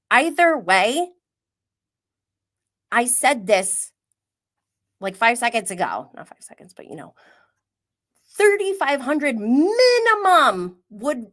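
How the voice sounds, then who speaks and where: Animated woman recapping reality TV. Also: mid-range voice. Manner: chatty, animated and opinionated, with laughs and quoted asides. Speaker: reality TV commentary host. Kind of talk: live-stream reality TV recap.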